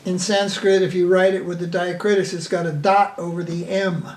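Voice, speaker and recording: A man's voice: sits high, level tone, normal speed, a little mellow. An older man talking in a casual, joking way with many fillers and restarts, giving an informal spiritual talk. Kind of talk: casual discussion. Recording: echoey room, mic a bit far, faint noise.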